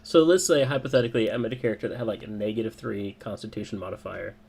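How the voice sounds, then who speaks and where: A man's voice: on the low side, rapid-fire, vocal fry, husky. Laid-back man running a tabletop game. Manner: relaxed and joking, with many fillers. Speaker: dungeon master.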